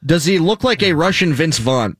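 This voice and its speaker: A man hosting a sports radio show, joking around with his co-hosts and reading quick promos. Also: a little high, lively intonation, dry recording, studio quality. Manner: joking, quick riffing, reads segment promos. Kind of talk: casual sports radio banter.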